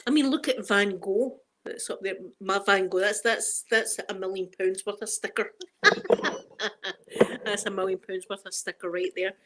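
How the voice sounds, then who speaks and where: A woman's voice: mid-range voice, steady tone, moderate pace, fairly bright tone, slight background noise. A middle-aged woman with a Scottish accent chatting casually on a live stream, reading the chat and laughing often. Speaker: ASMR streamer.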